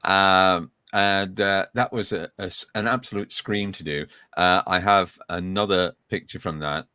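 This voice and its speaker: Man host, low and lively pitch, dry sound, relaxed wry interviewer. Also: measured pace, clean tone, no room sound. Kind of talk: casual interview chat.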